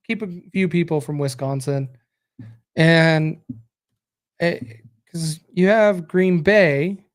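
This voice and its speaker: An American man hosting a casual podcast stream, tired and rambling as he reacts to news and viewer comments. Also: on the high side. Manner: rambling, reacts aloud to results and chat. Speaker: podcast host.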